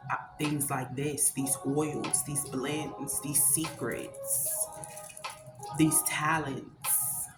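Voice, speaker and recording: A woman giving an impassioned spiritual monologue, emphatic and preachy, swearing freely. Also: very deep voice. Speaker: spiritual content creator. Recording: roomy echo with loud music behind.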